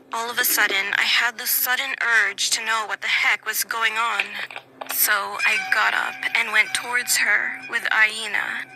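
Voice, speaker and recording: A woman's voice: on the high side, creaky, poor audio. A woman telling a first-person scary story, often dropping into a whisper. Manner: hushed, partly whispered storytelling.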